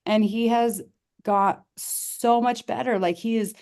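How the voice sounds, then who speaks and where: A woman's voice: on the high side, fairly even intonation, slow pace, a little mellow. A middle-aged woman, a podcast guest, telling a personal story in casual conversation, earnest and heartfelt, often restarting her sentences and acting out what people said. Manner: earnest, with many restarts and reenacted dialogue.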